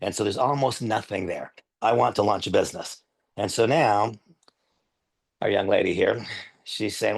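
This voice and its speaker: A man's voice: on the low side, moderate pace, vocal fry, pauses often. An older man giving a live training demonstration on a headset mic, earnest and emphatic, repeating his key points.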